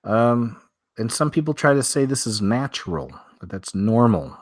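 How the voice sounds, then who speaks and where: A man's voice: medium pitch, lively intonation, moderate pace, dry recording, studio quality. A man hosting a weekly strange-news show from home, talking casually and rambling through stories with many fillers and restarts.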